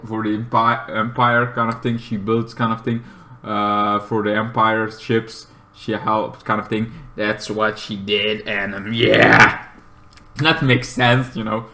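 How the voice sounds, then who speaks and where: A man casually recapping a TV episode in a rambling way, full of fillers, breaking into loud, high-pitched acted-out lines. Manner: rambling, filler-heavy retelling, bursts into loud high-pitched character voices. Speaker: TV show reviewer.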